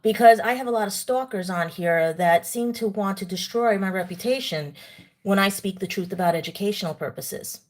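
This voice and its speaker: A woman's voice: medium pitch, darkish tone. Indignant New woman lecturing her chat. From New York. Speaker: livestream host. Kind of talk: live-stream commentary to chat.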